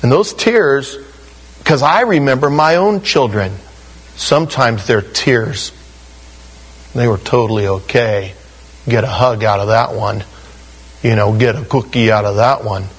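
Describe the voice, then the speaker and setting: A man's voice: medium pitch, a little slow, pauses often, husky, rough recording. A middle-aged man preaching a sermon in a conversational way, acting out the quotes he tells. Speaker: pastor.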